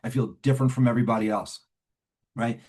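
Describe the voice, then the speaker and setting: A man's voice: mid-range voice, fairly even intonation, quick pace, darkish tone, husky. Man telling his recovery story. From New Jersey. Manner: conversational storytelling, frequent "right?" and "man". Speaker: recovery meeting speaker. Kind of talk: personal recovery talk to a meeting.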